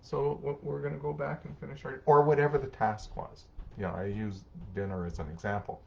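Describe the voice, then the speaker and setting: A man's voice: medium pitch, steady tone, brisk, gravelly. Man, middle-aged, social worker, parenting advice, conversational, lo-fi audio. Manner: warm, conversational, acts out short parent-child exchanges. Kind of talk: live-streamed advice talk reading comments.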